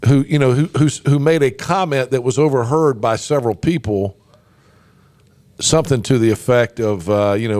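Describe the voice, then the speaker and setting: A man's voice: mid-range voice, lively intonation, moderate pace, a little mellow, dry recording. A man hosting a political talk radio show, emphatic and folksy, with lots of fillers and restarts. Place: radio studio. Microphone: studio microphone.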